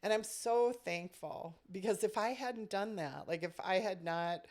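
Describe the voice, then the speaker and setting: A woman's voice: medium pitch, unhurried, a little mellow. A woman who directs a summer camp, telling a personal story in casual podcast chat, reflective and full of "you know" fillers.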